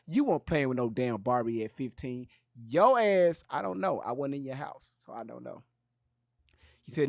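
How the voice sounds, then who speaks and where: A man hosting a reaction video, commenting on played clips in a profane, exasperated rant that flares into shouting. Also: mid-range voice, sing-song, moderate pace, gravelly, dry recording, clean studio sound.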